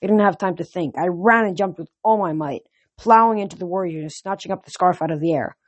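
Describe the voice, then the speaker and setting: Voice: mid-range voice, fast talker, no room sound. A reader narrating a novel chapter aloud, then chatting casually with fillers afterwards.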